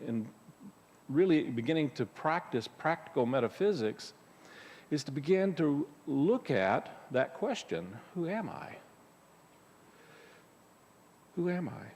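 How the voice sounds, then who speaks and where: In a church sanctuary with long hall reverb, a man with a slightly high, expressive, somewhat mellow voice speaks at a measured pace. As the congregation's minister, he gives a conversational spiritual talk, often restarting sentences and leaning on fillers.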